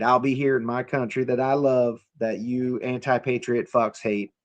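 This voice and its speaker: A combative young man from the United States, talking to his live-stream chat in a loose, profane rant. His voice sits at an ordinary middle pitch, and he keeps jabbing back at commenters. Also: level tone, moderate pace.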